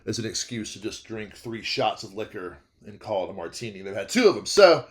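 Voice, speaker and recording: A young man, telling a comedic story about his work as a restaurant server. He talks in an animated way, cuts himself off, and repeats phrases for laughs. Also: fairly low pitch, brisk, few pauses. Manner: animated, self-interrupting, repeats phrases for comic effect.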